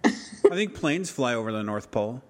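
A man's voice: medium pitch, animated, a little fast. A man co-hosting a podcast in casual chat, wry and joking, rambling and often restarting his sentences. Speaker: podcast co-host.

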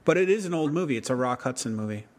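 A man's voice: medium pitch, expressive, fast. A man co-hosting a podcast in casual chat, wry and joking, rambling and often restarting his sentences. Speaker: podcast co-host.

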